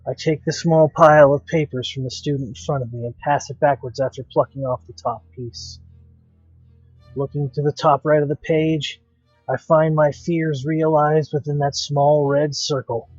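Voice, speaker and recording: A man's voice: a little high, steady tone, normal speed, breathy edge, no room sound, muffled recording, soft background music. Man dramatically reading a visual novel. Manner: dramatic, wry narration. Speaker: let's play host.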